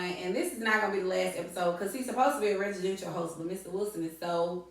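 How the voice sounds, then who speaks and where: A woman's voice: fairly low pitch, quick pace, few pauses. A middle-aged woman hosting a podcast, chatting casually and animatedly, laughing often and repeating words for emphasis. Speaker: podcast host. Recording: echoey room, distant mic.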